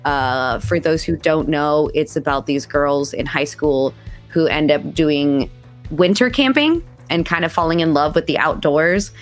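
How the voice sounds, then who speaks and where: A young adult woman, a voice actress, chatting in an interview and acting out quoted lines with big jumps in pitch. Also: measured pace, soft background music. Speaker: voice actress guest. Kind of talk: casual interview chat. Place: remote video call.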